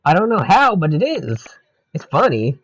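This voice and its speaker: A man co-hosting a podcast in a loose, profane chat about a movie. His voice sits a little high and swings widely in pitch. The sound is dry and close, with no room around it. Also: big pitch swings, moderate pace, no echo, soft background music, rough recording. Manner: loose and profane, quoting lines in mock voices. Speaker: podcast co-host. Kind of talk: casual movie review chat.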